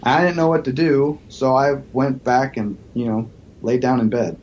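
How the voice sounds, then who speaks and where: Male podcast guest, negotiator and professor, animated storyteller, slightly muffled audio with light noise. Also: medium pitch, moderate pace. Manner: animated storyteller acting out quoted voices.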